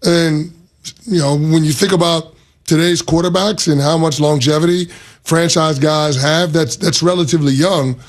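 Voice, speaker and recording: A man co-hosting a sports radio show who lays out his arguments in a measured, reasoned way. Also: a little high, steady tone.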